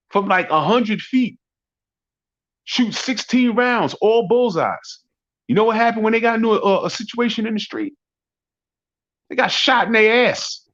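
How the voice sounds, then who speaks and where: A man hosting a barbershop talk show, ranting profanely and mocking his critics in a rambling, loud way. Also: very high-pitched, vocal fry. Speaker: podcast host. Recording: dull lo-fi audio.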